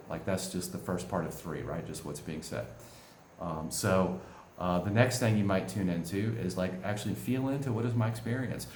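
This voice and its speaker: Sounding like a coach delivering a talk, a very deep-voiced man explains things in a relaxed, conversational way, repeatedly tossing in a brief "right?" His tone is a touch mellow, and the audio carries room echo plus a faint hiss or hum.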